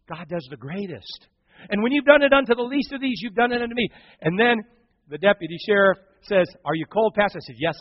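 Husky-voiced man preaching a story. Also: high-pitched, dry recording, muffled recording. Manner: animated storyteller acting out quoted voices, swinging from hushed to loud. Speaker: pastor. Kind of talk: sermon storytelling.

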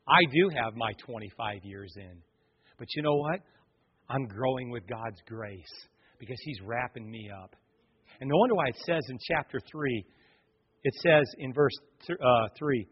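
A man preaching a sermon, telling stories with lively acted voices and loud shouts. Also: mid-range voice, moderate pace, slightly rough. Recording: echoey hall, dull lo-fi sound.

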